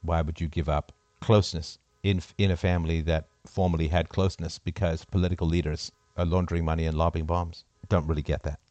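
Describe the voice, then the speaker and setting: A middle-aged man hosting a call-in show, speaking emphatically in an impassioned monologue, jumping from loud peaks to low muttered asides. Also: level tone, fairly quick, hardly any pauses, no room sound, lo-fi sound.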